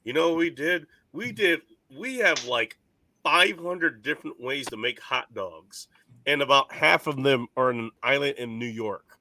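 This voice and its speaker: Brash, bright-voiced man cursing freely. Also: mid-range voice, measured pace. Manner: brash, profane, rambling. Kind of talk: casual chat.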